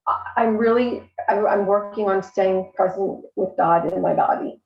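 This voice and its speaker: A woman's voice: medium pitch, normal speed, creaky, roomy sound, dull audio. A woman talking earnestly and candidly as a podcast guest, with lots of "you know" fillers. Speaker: guest, coach for abuse survivors. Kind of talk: casual podcast conversation.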